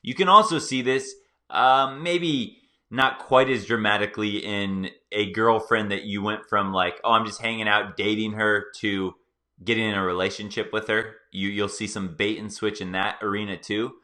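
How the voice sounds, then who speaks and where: A male host giving excited, playful reaction commentary on a clip, talking straight to his viewers. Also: on the low side, moderate pace.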